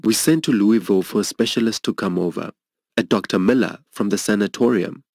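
A middle-aged preacher tells a personal story a little fast, his tone darkish and the audio free of echo. Earnest and emotional, this sermon testimony has him pitching others' lines higher.

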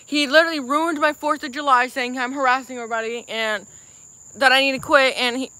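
A woman's voice: high voice, steady tone, fairly quick, bright, forceful tone, no room sound. Upset woman venting on a livestream. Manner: angry venting, repeated apologies. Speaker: live streamer. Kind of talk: casual livestream chat.

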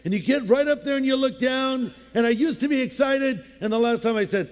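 Male pastor, high-pitched voice, casual storytelling sermon with a lot of hall echo. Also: lively intonation, a little fast, few pauses. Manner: conversational storytelling with playful voices.

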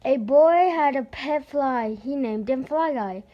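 A woman reading a children's picture book aloud at a slow, deliberate pace. Her voice sits slightly high. She sometimes trips over a word and starts it again. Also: muffled recording. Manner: slow, careful reading with stumbles and restarts. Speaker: storybook reader.

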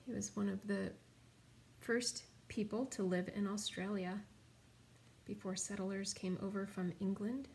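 Reading a children's picture book, this woman from the United States chats along the way and puts questions to her audience. Her mid-range voice is a little mellow, unhurried and fairly even in intonation, with a slight hiss or hum in the background.

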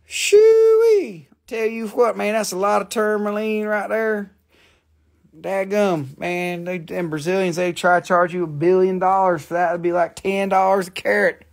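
A man hosts a live rock sale, joking and cursing as he chats. His voice sits high for a man and has a gravelly fry under it. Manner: joking, profane, talks to himself. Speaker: host selling rocks on a live stream. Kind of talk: live-stream sales chat.

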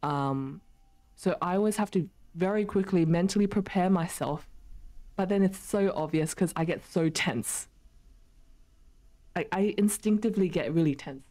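A woman's voice: lowish voice, moderate pace, warm tone. A young woman streaming, chatting casually with her viewers while she plays, laughing often. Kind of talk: casual chat while gaming.

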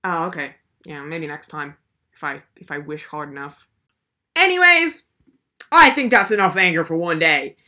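Brief: young woman, comedic video host, sarcastic exasperated rant, very animated pitch. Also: normal speed. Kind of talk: comedic commentary.

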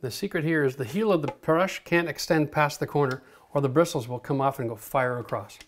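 A man's voice: a little high, brisk. Upbeat man coaching a painting job. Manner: energetic, coaching, frequent "okay?" check-ins. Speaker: home renovation instructor. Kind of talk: hands-on painting tutorial.

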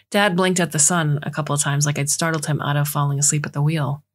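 A woman reading a short story aloud in a measured storytelling manner as scripted narration. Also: low voice, steady tone. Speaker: audiobook reader.

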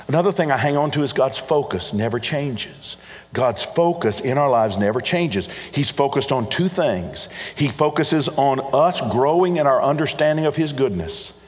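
A man's voice: medium pitch, expressive, normal speed. A middle-aged man preaching a sermon, earnest and repetitive, speaking directly to his congregation. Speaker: pastor. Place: church sanctuary. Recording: church hall reverb.

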